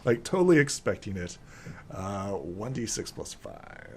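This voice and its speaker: A man narrating a tabletop game as game master, casual and full of fillers, laughing often. His pitch swings a lot as he describes the action. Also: big pitch swings, measured pace, slightly rough.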